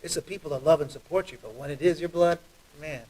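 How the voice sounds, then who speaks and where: A man who is a judge, talking earnestly and quickly as an interview guest, telling stories with animation. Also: on the high side, slightly rough, distant mic, poor audio. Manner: earnest, fast, animated storytelling. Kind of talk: interview guest, heartfelt talk.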